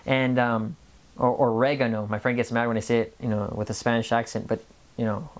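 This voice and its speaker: A health vlogger from a Mexican family background talks in a casual, rambling monologue, stopping, restarting, and repeating words. The voice is medium-pitched, fairly quick, and flat in delivery.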